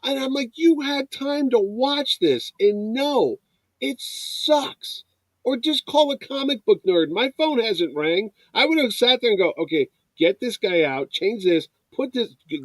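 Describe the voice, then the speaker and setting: A man rants casually as a co-host, bursting into quick acted-out quotes. His voice is high and very lively, leaping across its range. The sound is dry. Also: no room sound, low-quality recording. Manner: ranting, fast acted-out quotes. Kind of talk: casual chat.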